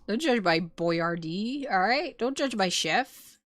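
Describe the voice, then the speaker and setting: Young girl streaming, bright sharp voice, laughy and swears a lot, super dry close mic. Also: mid-range voice, takes it slowly, no room sound. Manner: laughs often, swears casually, excitable. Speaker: VTuber streamer. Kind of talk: casual chat reading viewer messages.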